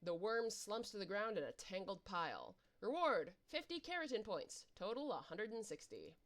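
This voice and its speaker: A playful woman reading a webcomic adventure aloud, calling out the dice rolls and narrating the fights. Her delivery is animated and informal, and her voice sits in the ordinary middle range for a woman. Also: medium pitch, moderate pace. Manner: animated, playful, reacting with laughs. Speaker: reader and narrator.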